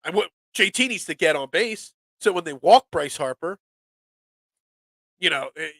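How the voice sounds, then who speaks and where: Male sports podcast host, congested and nasal from a cold, high and bright, animated and rambling. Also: normal speed, dry recording. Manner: animated, excitable, repeats words. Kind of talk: casual sports talk show.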